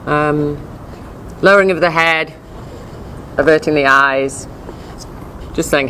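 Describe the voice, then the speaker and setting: Give me a chatty, animated woman with a low-pitched voice teaching a class. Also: takes it slowly, long pauses, a little hiss or hum. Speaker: dog behavior instructor. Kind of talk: informal lecture with slides.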